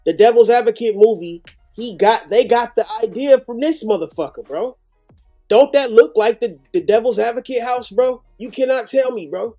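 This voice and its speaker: Slangy high-voiced reaction host. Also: male voice, moderate pace, soft background music. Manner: animated, heavy slang and profanity. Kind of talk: live reaction commentary.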